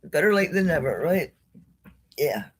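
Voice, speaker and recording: A woman's voice: low voice, lively intonation, normal speed, slightly rough. Sleepy woman chatting on a live stream. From United States. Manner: sleepy, yawning, chatty, greets viewers by name. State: drowsy. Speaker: jewelry livestream seller. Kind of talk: casual live-stream chat. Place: home, indoors.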